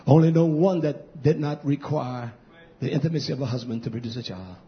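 Male pastor, sermon, shouting then hushed, repetitive emphatic cadence, lo-fi muffled recording. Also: medium pitch, brisk. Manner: swings from shouting to hushed near-whispers. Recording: dull lo-fi recording.

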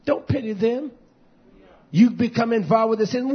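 A man preaching a fiery sermon, swinging from shouts to low mutters. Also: normal speed, pauses often, breathy edge, muffled recording.

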